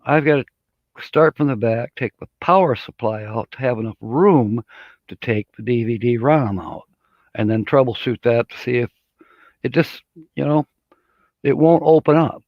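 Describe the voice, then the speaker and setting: A man's voice: medium pitch, normal speed, no room sound. A middle-aged man from Michigan hosting a live stream in a casual, folksy way, greeting viewers and chuckling often. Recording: dull, dry lo-fi audio.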